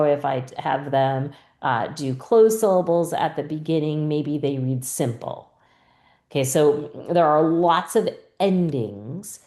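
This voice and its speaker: A woman's voice: sits low, dark tone, roomy sound. A woman explaining a reading lesson to fellow teachers in a patient, step-by-step way.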